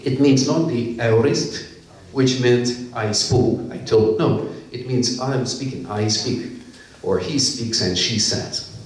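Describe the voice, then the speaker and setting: Man of average pitch, conference lecturer explaining slides; distant mic, booming room echo. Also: slow, a little mellow. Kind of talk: academic lecture. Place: conference hall. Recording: echoey hall, mic far off.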